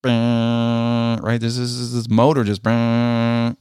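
A middle-aged man, a military veteran, telling a personal story in an earnest, halting way and often repeating his words. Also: mid-range voice, completely flat delivery, a little mellow, clear, resonant tone, no echo, studio quality.

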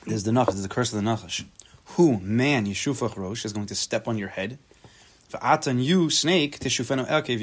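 Here is a man leading an informal Torah class in a conversational tone. He stops to repeat himself while searching for words and drops in playful asides. He works through the text line by line, translating as he goes, at an average pitch for a man. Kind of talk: casual spoken Torah class.

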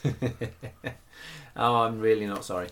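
A man's voice: medium pitch, slow pace, a bit bright, a little hiss or hum. A man co-hosting a casual chat show, reading out listener comments in a teasing, wry way and laughing often. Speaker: podcast co-host.

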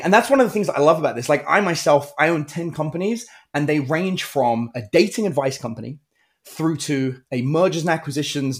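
A middle-aged man, a guest entrepreneur, telling stories in a casual interview and acting out the people he quotes. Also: a little high. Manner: animated storyteller, acts out quotes.

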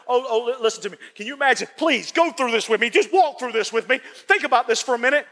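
A man with a very high, bright, forceful voice preaches a sermon, repeating phrases for emphasis. He swings from booming lines to hushed ones. Long reverb from the church hangs on his words. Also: expressive, fast talker, hardly any pauses. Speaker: pastor.

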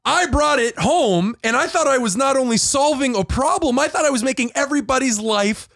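A man co-hosting a comedy show, playing a plaintiff who argues a petty complaint with mock-formal, deadpan seriousness. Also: very high-pitched, brisk, no echo, clean studio sound. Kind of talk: improvised comedy role-play.

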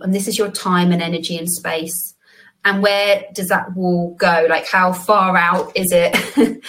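A woman's voice: on the low side, fairly bright tone, low-quality recording. Thoughtful woman psychologist. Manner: thoughtful, explanatory, light laughs. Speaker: psychologist and podcast co-host. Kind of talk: casual conversation.

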